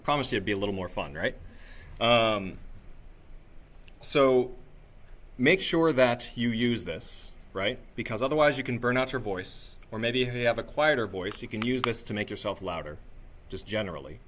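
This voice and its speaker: A man runs a live workshop in a middle-pitched voice, drawing on his singing background to coach the room. He is energetic and coaxing, and he keeps checking in with short "right?" and "okay?" prompts. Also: moderate pace. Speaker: workshop presenter.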